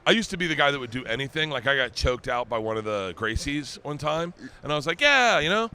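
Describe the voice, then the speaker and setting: A middle-aged man spins animated, casual stories on a podcast, slipping into the voices of the people in them. His voice is bright and forward, at an ordinary pitch for a man. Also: brisk. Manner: animated storyteller, acts out quoted dialogue. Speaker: guest comedian.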